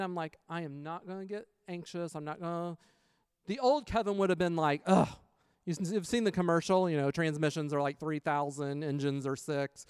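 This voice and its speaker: Man, smooth dry voice, chatty storyteller quoting conversations. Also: a little high, no room sound. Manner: chatty, retells scenes with quoted dialogue, faith-based reflection. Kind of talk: casual personal storytelling.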